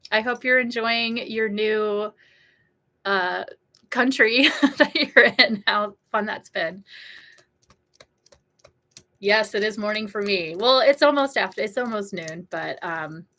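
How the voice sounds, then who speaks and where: Woman in her thirties, bright and chatty beauty vlogger, casual livestream talk. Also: mid-range voice, takes it slowly, pauses often. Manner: chatty and emotional, reads viewer comments aloud.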